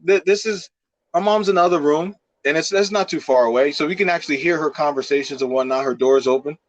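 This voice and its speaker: A man's voice: fairly high pitch, quick pace, no echo, lo-fi sound. A young man co-hosting a podcast who tells a story casually and animatedly, full of fillers and swearing. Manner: animated, profane, many fillers. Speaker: podcast co-host.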